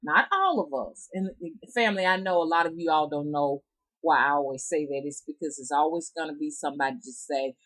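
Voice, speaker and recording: A woman's voice: deep voice, a little fast, fairly bright tone, low-quality recording. A woman from the American South with a Southern drawl, telling folk tales in a rambling, chatty way straight to her viewers. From Southern United States. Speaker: rootworker storyteller. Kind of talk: casual storytelling vlog.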